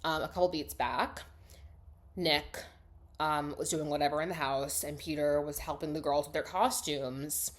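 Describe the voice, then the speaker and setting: A woman's voice: low voice, steady tone, moderate pace. Chatty woman gushing through a film recap. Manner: chatty, lots of "like", swings between loud gushing and hushed asides. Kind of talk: casual spoken film recap.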